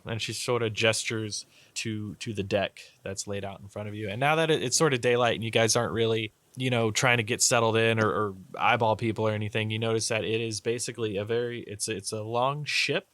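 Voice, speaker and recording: Dm guy, slightly low voice but bright edge, bone dry podcast mic, rambles a lot. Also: fairly even intonation, brisk, hardly any pauses, no room sound. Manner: rambling, hesitant, many fillers. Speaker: game master. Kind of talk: narrating a tabletop game.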